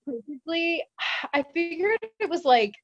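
A woman's voice: very high-pitched, expressive, measured pace, lo-fi sound. A woman co-hosting a podcast, chatting casually as she recaps an episode and quotes the characters. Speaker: podcast co-host.

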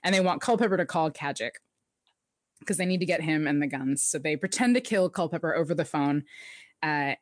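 Woman podcast host, low-ish voice, dry close sound, laughs a lot while she recaps an episode. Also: brisk, no echo. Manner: chatty, laughs often, animated quoting of characters. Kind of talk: casual chat.

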